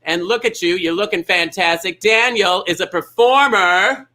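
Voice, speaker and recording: A man's voice: sits high, moderate pace, sharp tone, rough recording. A man hosting a live bingo show in a sassy, teasing, exaggerated way.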